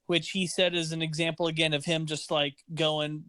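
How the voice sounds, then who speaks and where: A man hosting a casual music podcast, enthusiastic and explaining songs with quick quoted asides. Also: on the high side, level tone, bright, forceful tone, clean tone, no echo. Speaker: podcast host.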